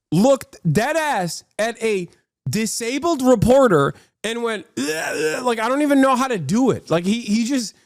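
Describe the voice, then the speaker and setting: A man's voice: very high-pitched, no echo, studio quality. A man in his thirties hosting a stream, giving heated, sarcastic political commentary and reacting to chat. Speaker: streamer host.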